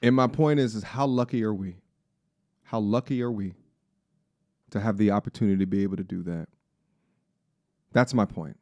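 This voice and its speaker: A young man in casual podcast chat, playful and animated, slipping into high excited rants. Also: normal speed, long pauses, dry recording. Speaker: podcast co-host.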